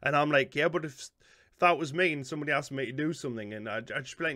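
A man's voice: a little high, fast talker, bright, forceful tone, dry recording. A man with a Geordie accent, hosting a casual reaction video, rambling and joking at his own expense, and tired. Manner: joking, self-deprecating, rambling.

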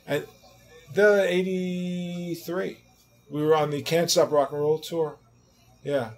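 A man in his sixties, an interview guest telling casual anecdotes in an animated way, swearing freely and acting out the people he quotes. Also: fairly high pitch, slow, soft background music. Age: 60s. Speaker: interview guest, rock guitarist.

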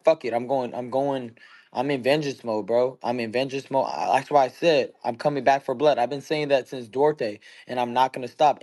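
A man's voice: medium pitch, a little mellow. A young man in his twenties hosting a casual online chat, brash and heated, swearing constantly. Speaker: host of the audio chat room.

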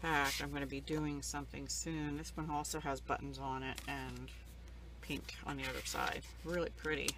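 A woman's voice: rumbling low, flat delivery, normal speed, noisy background. Emotional woman gushing over craft mail. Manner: rambling, soft-spoken, emotional, near tears. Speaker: crafting vlogger. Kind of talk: casual show-and-tell.

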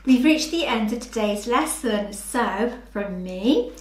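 A woman teaching a lesson to young children, speaking slowly and clearly in an encouraging, sing-song way. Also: on the high side, expressive, roomy sound. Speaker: early years teacher.

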